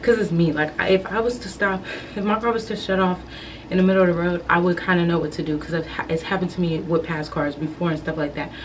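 Young female vlogger, lowish voice, loose chatty delivery, off-mic with background noise. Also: fairly even intonation, fast talker, recorded from a distance, rough recording. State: out of breath after climbing stairs. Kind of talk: casual vlog chat.

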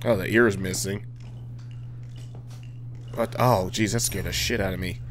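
Male gamer, lowish voice, wisecracking let's play commentary, quiet hiss behind. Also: fairly even intonation, moderate pace. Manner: joking, swearing, talking to the game characters.

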